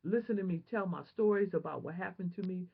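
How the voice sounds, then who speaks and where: A woman vlogger telling a personal testimony in an animated, emotional, prayerful way, on a dull lo-fi home recording. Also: fairly low pitch, quick pace, vocal fry, husky.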